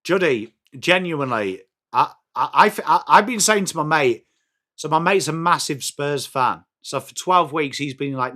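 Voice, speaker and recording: High, bright-voiced English man calling a match. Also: lively intonation, moderate pace. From England. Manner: switches between play-by-play calls and chatty replies to viewers. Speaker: livestream host. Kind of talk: live watch-along commentary.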